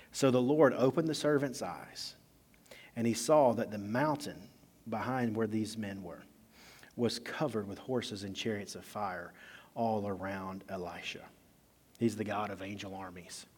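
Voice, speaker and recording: A man's voice: on the low side, normal speed, darkish tone, breathy edge. Casual-talking preacher man in a reverberant hall. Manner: conversational, acts out scenes with casual slang voices. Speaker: pastor. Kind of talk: sermon.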